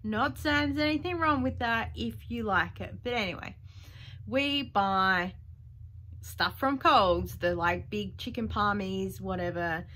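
A woman's voice: medium pitch, unhurried, bright, forceful tone. A middle-aged woman with an Australian accent, chatting casually in a vlog, laughing often as she retells her week. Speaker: vlogger.

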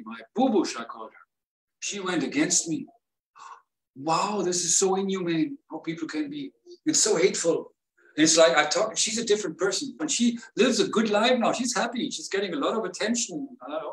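Brief: man, somewhat high voice, hurt and rambling, roomy distant recording. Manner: pained, rambling, rising to upset outbursts. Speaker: vlogger. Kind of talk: emotional personal monologue.

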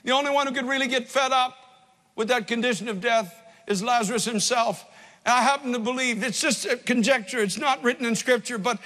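A pastor preaching an impassioned sermon that swells from hushed to loud. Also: male voice, very high-pitched, fairly quick, long reverb tail.

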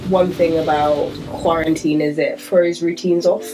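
A young woman vlogging at home, chatting casually and gently, reflective and playful with her partner. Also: deep voice, level tone, a little slow, poor audio. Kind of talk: casual chat. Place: home, indoors. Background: guitar music.

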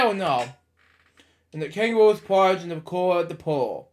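A man's voice: on the high side, moderate pace. A man reading a children's picture book aloud, stumbling over words and breaking off for chatty side comments. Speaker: storybook reader.

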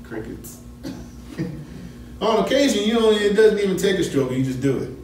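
A man teaches a Bible study lesson conversationally, posing questions to his class as he explains. His voice sits high with big pitch swings at normal speed, and the distant mic picks up an echoey room and background noise.

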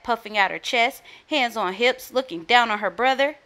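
A woman storyteller reading a children's book aloud in a lively, expressive way. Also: fairly high pitch, normal speed.

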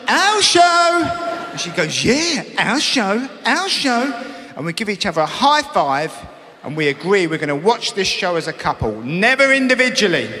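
A man's voice: a little high, a bit bright. A man performing a stand-up routine, telling wry stories in a chatty way and acting out little quotes. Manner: wry, conversational storytelling with acted-out quotes. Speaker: stand-up comedian. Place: large theatre stage before a live audience. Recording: live theatre recording with long hall reverb and audience noise.

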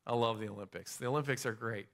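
A middle-aged man preaching a sermon as pastor in a church, energetic and conversational, with rising emphasis. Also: medium pitch, fast talker, creaky. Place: church sanctuary.

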